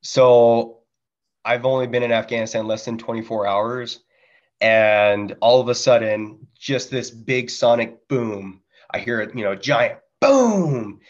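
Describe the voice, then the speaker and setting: A Marine veteran guesting on a podcast tells war stories in a candid, profane, casual way, even imitating gunfire. His mid-range voice is unhurried, and the recording has its highs cut off.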